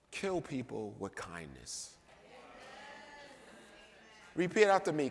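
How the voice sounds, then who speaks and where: Male preacher, slow emphatic sermon delivery with sudden loud peaks, recorded in a reverberant church. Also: mid-range voice, expressive. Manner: emphatic, swings between loud and quiet. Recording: long reverb of a church hall.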